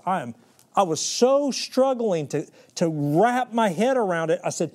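Guy preaching a sermon, slow dramatic scripture reading then storytelling, voice a bit high. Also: lively intonation, a little mellow.

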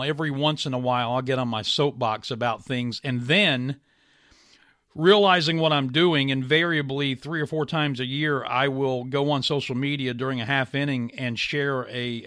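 A man in his late fifties with a bright, forward voice, recorded close and dry. He hosts a casual interview in a folksy, rambling way and pokes fun at himself along the way. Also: medium pitch, no echo. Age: 50s. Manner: folksy, chatty, self-deprecating humor. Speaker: host and baseball broadcaster.

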